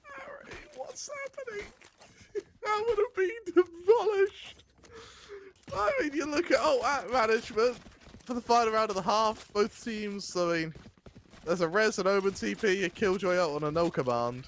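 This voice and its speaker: Jokey, fairly high-voiced male co-caster. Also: moderate pace, a little hiss or hum. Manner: jokey, laughs often, deadpan asides. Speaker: esports co-caster. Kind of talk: esports color commentary.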